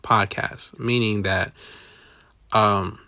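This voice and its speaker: A man's voice: on the low side, fairly even intonation, very slow, vocal fry, sharp tone, dry recording, clean studio sound. A man hosting a solo podcast, rambling casually with lots of swearing and self-deprecating asides. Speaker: podcast host.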